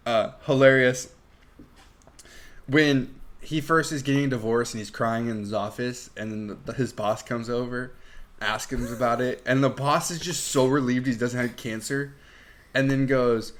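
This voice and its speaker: A man's voice: mid-range voice, fairly even intonation, moderate pace. A man co-hosting a movie podcast in casual chat, animatedly retelling scenes, laughing often and speaking candidly, a little crude. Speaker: podcast co-host.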